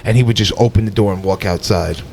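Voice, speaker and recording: A man's voice: on the low side, fast talker, creaky, noisy background. A man co-hosting a casual podcast, easygoing and curious, with a New York accent. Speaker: podcast co-host. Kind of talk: casual chat.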